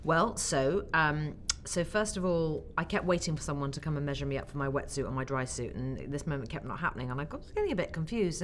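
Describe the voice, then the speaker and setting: An English actress in her forties chatting in an interview, telling stories with animated acted-out quotes. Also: low voice, quick pace, hardly any pauses. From England. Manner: animated storyteller, acts out quotes. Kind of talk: casual interview chat. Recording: faint background noise.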